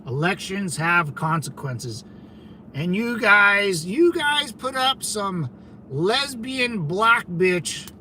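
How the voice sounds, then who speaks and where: A man hosting a casual livestream, answering chat in a brash, combative and mocking way, with loud outbursts. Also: sits high, slight background noise, low-quality recording. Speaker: channel host reading live chat.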